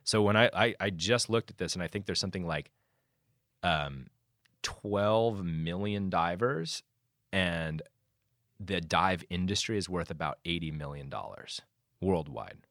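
A man speaking as a conservation guest in a casual conversation, animated and often restarting his sentences. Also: low voice, unhurried, dry recording, clean studio sound. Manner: animated, many restarts and fillers.

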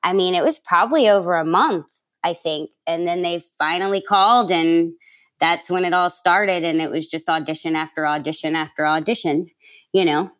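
A woman's voice: lowish voice, normal speed, fairly bright tone. A young woman from New York City, a guest telling stories in a casual interview, chatty and laughing, with lots of fillers and acted-out quotes.

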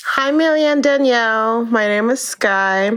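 A woman's voice: on the high side, a little slow, fairly bright tone, clean tone. A woman from Brooklyn with a New York accent, leaving a friendly, slightly shy voicemail for a podcast. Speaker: voicemail caller. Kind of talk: casual voicemail message.

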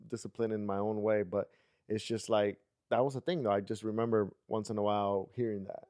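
A young man with a Mexican-American accent, co-hosting a podcast in a relaxed, rambling way. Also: fairly low pitch, fairly quick. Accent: Mexican-American English. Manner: relaxed, drifting, full of fillers. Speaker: podcast co-host. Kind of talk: casual chat.

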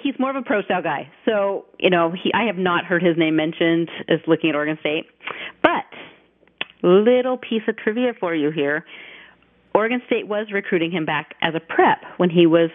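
A woman co-hosting a casual sports podcast, telling recruiting stories in a chatty way and laughing easily. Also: fairly low pitch. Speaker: podcast co-host, recruiting reporter. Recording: phone-line audio.

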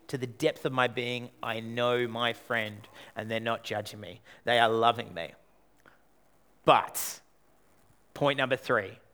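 A man preaching a sermon, animated, acting out quoted voices and moving between loud lines and hushed ones. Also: mid-range voice. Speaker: pastor.

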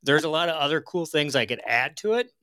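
A man who is a guest on a studio podcast, wheezing audibly as he speaks, with a hesitant, apologetic manner and a creaky headset mic. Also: a little high, lively intonation, a little fast, sharp tone. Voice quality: wheezy breathing. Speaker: guest business owner. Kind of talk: casual podcast conversation.

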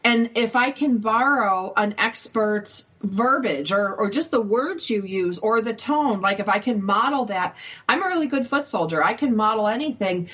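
A woman's voice: mid-range voice, a bit bright. A woman, a parent, talking candidly and with self-deprecation in a conversational podcast. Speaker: parent guest. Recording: dull lo-fi recording.

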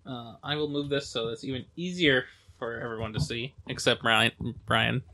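A man co-hosting a podcast and running the recording setup, easygoing and quick to laugh. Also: mid-range voice, steady tone, bright, forceful tone. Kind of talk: casual chat. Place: small studio.

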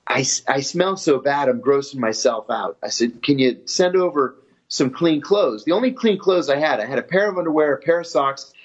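A man telling his story in an interview in a steady, matter-of-fact way. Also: fairly high pitch, moderate pace, breathy edge. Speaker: former intelligence officer telling his story. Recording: dull lo-fi audio.

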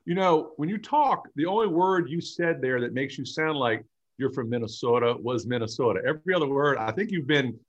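A man's voice: mid-range voice, lively intonation, a little fast, dull audio. Teasing, jokey male podcast host. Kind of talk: casual interview chat.

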